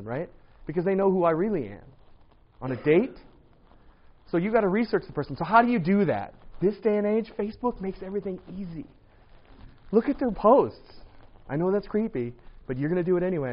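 A man preaching a casual, lively sermon to a congregation, often asking "right?" and acting out what people say. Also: sits high, fairly quick. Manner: lively, rhetorical, acts out quoted voices. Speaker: pastor. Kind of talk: sermon on dating and marriage. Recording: dull lo-fi recording.

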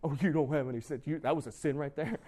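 A man's voice: on the high side, steady tone, quick pace, warm tone. A young man preaching a sermon as youth pastor, casual and joking, with lots of fillers and restarts.

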